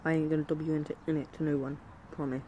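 Brief: woman playing a low-key British bouncer, fast and hushed. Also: flat delivery, dull audio, heavy background noise, natural voice. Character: helpful male nightclub bouncer, low-key.

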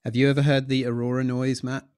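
A man's voice: medium pitch, level tone, fast talker, a little mellow, clear, resonant tone, no echo, clean studio sound. A man, an astronomer taking questions in a live Q&A, explaining with enthusiasm and telling stories with frequent fillers. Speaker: astronomer guest. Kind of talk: explanatory Q&A chat.

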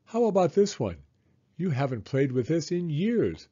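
An exasperated, no-nonsense mother speaks firmly, as a man reading a storybook puts her on. The voice is mellow and slightly husky, with a dull, lo-fi sound. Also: a little high, sing-song, normal speed, voice pushed up. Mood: coaxing. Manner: firm, scolding.

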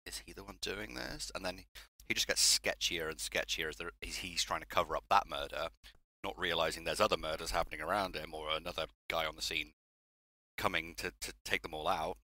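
British guy with a really low voice, laid-back podcast guest rambling on in long easygoing stretches. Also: steady tone, a little fast, bright, forceful tone, dry recording. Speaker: guest author. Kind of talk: casual podcast chat.

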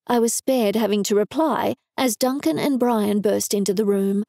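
A woman's voice: mid-range voice, moderate pace, creaky, few pauses, dark tone, no room sound. A woman reading a first-person novel aloud in a dry, wry manner, recorded close to a studio mic. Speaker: audiobook narrator. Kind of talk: scripted narration.

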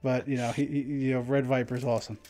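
A man's voice: mid-range voice, little pitch movement, fast, mellow, faint music behind. Laid-back rambling man hosting a stream. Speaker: stream host. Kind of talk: casual livestream chat.

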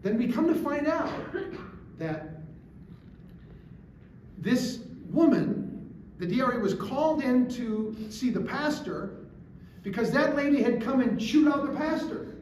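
A middle-aged man speaking to a gathering, an animated storyteller who drives his points home with emphatic rhetorical questions. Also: extremely high pitch, unhurried. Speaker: guest speaker. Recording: echoey room, distant mic, faint hiss.

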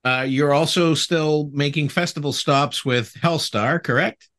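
A man interviewing a musician for a podcast, asking measured, plain questions. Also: a little high, fairly bright tone.

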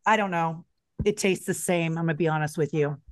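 A woman's voice: deep voice, brisk, no room sound. A woman co-hosting a casual chat over drinks on a video call, joking and self-mocking. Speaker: co-host.

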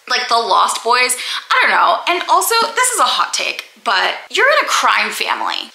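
A woman's voice: a little high, brisk, vocal fry, low-quality recording. Chatty young woman vlogging about books. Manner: animated, rambling, heavy use of "like". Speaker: book vlogger. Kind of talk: casual spoiler book review vlog.

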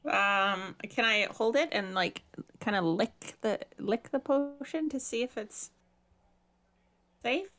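A woman's voice: on the high side, slow, fairly bright tone. A woman playing a tabletop game, asking tentative questions. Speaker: player. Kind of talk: casual tabletop play.

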